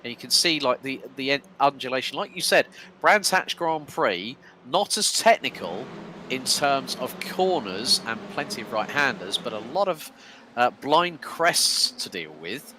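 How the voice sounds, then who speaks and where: A man commentating a sim racing broadcast, calling the action quickly with casual fillers between remarks. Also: medium pitch, background noise. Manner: fast, excitable play-by-play with fillers.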